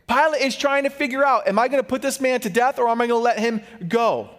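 A man with a fairly high voice preaches a sermon. His delivery is animated, with quick shifts of pitch and loudness as he acts out the figures he quotes. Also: big-room sound. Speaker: pastor.

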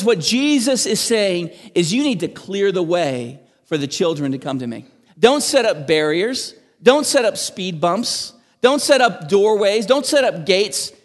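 A man, a pastor, preaching a sermon in an animated, emphatic way with frequent restarts. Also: sits high, big-room sound. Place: church.

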